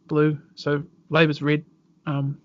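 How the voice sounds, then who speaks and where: A man in casual chat as co-host, joking and teasing in relaxed banter. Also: a little high, slow, lo-fi sound. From New Zealand.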